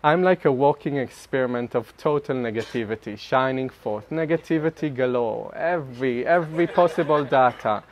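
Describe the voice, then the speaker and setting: Man, mid-pitched, candid group-talk speaker; animated, pokes fun at himself, laughs mid-line. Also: normal speed, few pauses. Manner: animated and self-mocking, laughing often mid-sentence. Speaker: speaker sharing at a group retreat. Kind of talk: personal spiritual talk.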